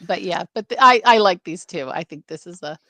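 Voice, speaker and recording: A woman co-hosting a casual film discussion, animated and jumping into movie lines. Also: fairly quick, no room sound. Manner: animated, acts out movie lines with sudden pitch jumps. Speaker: film review co-host.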